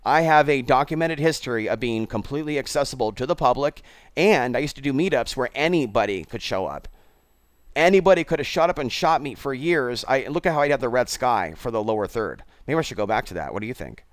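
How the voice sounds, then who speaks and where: A man's voice: mid-range voice, expressive, fairly quick, dry recording, studio quality. A man hosting his own channel, talking bluntly and digressively straight to his viewers. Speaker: channel host. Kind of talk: rambling commentary.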